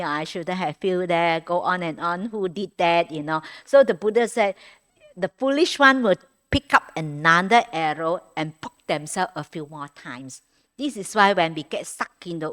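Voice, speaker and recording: A woman's voice: medium pitch, a bit bright. A woman teaching at a meditation retreat in a conversational Dharma talk, with frequent restarts, repeated words and non-native English grammar.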